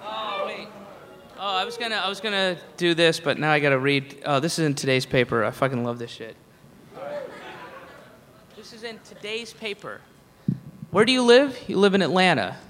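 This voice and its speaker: A male stand-up comedian ranting in an incredulous, mocking, profane way, shouting at the peaks, live at a comedy venue. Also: sits high, normal speed, pauses often, crowd noise. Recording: live in a reverberant hall with audience.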